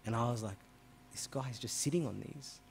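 A man, a priest answering an interview by telling a story, acting out the dialogue and getting louder as it heats up. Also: normal speed, vocal fry, a little hiss or hum. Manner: animated, re-enacts dialogue with rising pitch and volume.

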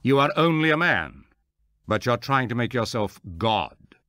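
A man's voice: lowish voice, animated, moderate pace, a bit bright, no echo, studio quality. A pressing, challenging crowd, read by a man. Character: a questioning crowd of adult men. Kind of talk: scripture reading.

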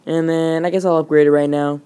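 A woman's voice: sits low, little pitch movement, mellow, smooth. Woman rambling through gameplay commentary. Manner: rambling, casual, quick with fillers. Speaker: gaming channel host.

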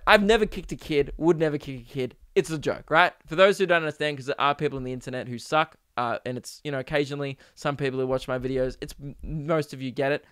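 A man's voice: on the high side, fairly bright tone, clean tone, no echo, studio quality. A young man, a stand-up comedian and host, ranting casually and swearing often as he acts out the people in his stories.

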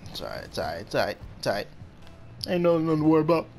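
Male gaming host, gravelly voice, lively pitch swings, excitable play-by-play chatter. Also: rapid-fire, faint music behind. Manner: excitable, blurts out reactions and short shouts; talks to his opponent and himself. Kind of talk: casual gameplay commentary.

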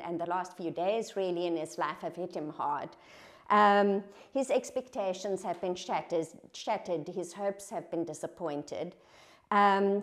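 A woman delivering a sermon at an ordinary pitch for her sex. She talks in an earnest, reflective way and poses rhetorical questions to her listeners. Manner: conversational and reflective. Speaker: preacher.

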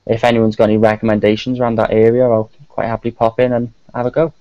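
A man's voice: medium pitch, level tone, quick pace, mellow, dry recording. A man with a Welsh accent, a guest on a live-streamed chat, laid back with dry humour. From South Wales. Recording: dull lo-fi mic.

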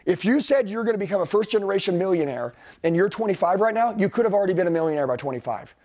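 A man's voice: high voice, lively intonation, very fast, a little mellow. A middle-aged man giving a blunt, intense motivational sales training to a group, talking straight at the room.

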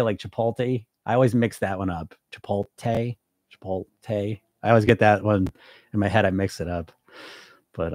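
A man's voice: medium pitch, no echo, clean studio sound. A man who works as a weight loss hypnosis coach, chatting casually on a livestream, reading viewer comments and swearing now and then.

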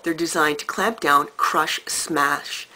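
A woman telling a story to camera in an animated, emphatic way, with dramatic pauses. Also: sits low, rough recording. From Canada. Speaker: vlogger.

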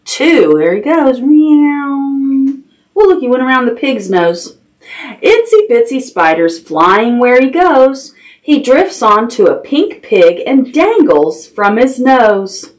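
A woman's voice: on the high side, sing-song, slow pace. A woman reading a picture book aloud to toddlers as a children's librarian, sing-song and playful, adding animal noises and sound effects.

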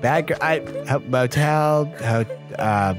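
A man's voice: mid-range voice, slow, natural voice. A man playing a dim, stammering boyfriend. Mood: clueless. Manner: stammering, rambling. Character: dim, sweet boyfriend, clueless and rambling. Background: background music.

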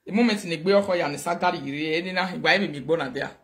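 A man's voice: sits high, rapid-fire. A Nigerian man hosting a show, talking animatedly in a casual mix of Pidgin and Yoruba, laughing often. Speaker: show host. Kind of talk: casual live-show commentary.

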